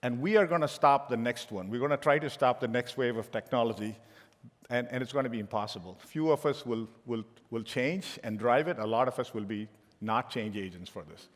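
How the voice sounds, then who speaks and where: A man's voice: mid-range voice, brisk. A middle-aged man giving a conference keynote as a tech executive, telling joking anecdotes with frequent restarts. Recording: long hall reverb.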